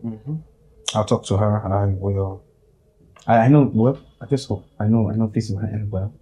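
A blunt friend, lecturing in a low, mellow, husky voice. He sounds exasperated and scolding, never raising real warmth. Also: fairly even intonation, normal speed.

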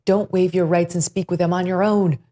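A middle-aged woman hosting an interview show, making brisk wry interjections and reading an ad. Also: lowish voice, fairly even intonation, dark tone. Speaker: show host. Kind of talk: interview chat and ad read.

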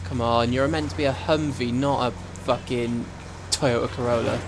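A man's voice: mid-range voice, fairly even intonation, moderate pace, background noise. A young man hosting a let's-play, chatting casually and swearing freely as he plays. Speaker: gaming channel host.

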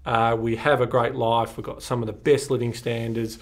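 A man's voice: mid-range voice, little pitch movement. Upbeat Australian man co-hosting. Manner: upbeat, chatty, quick to laugh. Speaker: podcast co-host. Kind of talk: casual chat.

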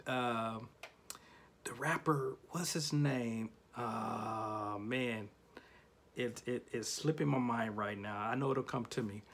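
Male self-help host, gravelly voice, casual motivational storytelling, dramatic rises and drops. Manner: storytelling with big swings in pitch and loudness. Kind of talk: casual motivational talk to camera.

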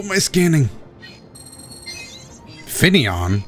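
A man's voice: on the high side, slow, long pauses. Hyped-up streamer guy, voice swoops all over, faint game music behind. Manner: excitable, gasping and shouting at creatures on screen. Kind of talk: excited let's-play commentary.

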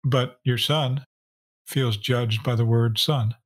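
A middle-aged man co-hosting a faith podcast, speaking in a calm, steady teaching tone. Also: medium pitch, slow pace. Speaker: podcast co-host.

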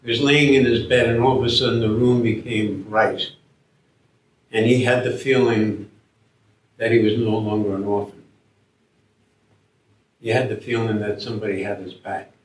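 A man's voice: fairly low pitch, flat delivery, normal speed, long pauses. A man giving a sermon, telling a story and acting out the voices of its characters. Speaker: preacher. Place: church. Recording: echoey church from far off.

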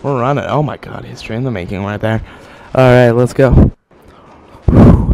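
Deadpan joking man narrating gameplay. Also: medium pitch, normal speed, noisy background. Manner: deadpan mock-serious, swings to excited outbursts. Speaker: gameplay commentator. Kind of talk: joking live game commentary. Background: game gunfire and explosions.

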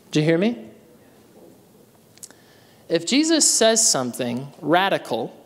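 Fairly high-voiced preaching pastor in reverb. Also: male voice. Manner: reads scripture aloud, then preaches with rising energy and calls to the congregation. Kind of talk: sermon. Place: church sanctuary.

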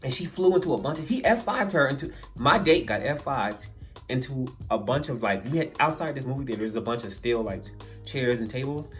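A man telling a funny story in a storytime vlog, animated and acting out the voices of the people in it. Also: medium pitch, brisk, faint music behind.

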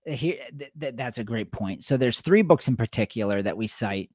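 A middle-aged man co-hosting a podcast in a casual, conversational way. He tells stories with lively retold dialogue, at a mid pitch. The recording is dry, with no room sound. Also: brisk, dry recording. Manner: storytelling, animated retelling of conversations. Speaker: podcast co-host.

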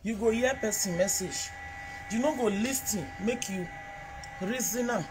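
Nigerian accent, scolding, repetitive lecturing, middle pitch, faint hiss behind. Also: unhurried. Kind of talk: scolding monologue to online commenters.

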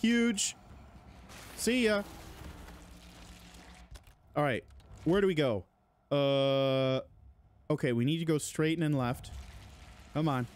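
A man's voice: medium pitch, unhurried, long pauses, a little mellow. A male gaming host giving let's-play commentary, panicky and jittery, talking to the enemies on screen as he plays. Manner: jittery, panicky running reactions.

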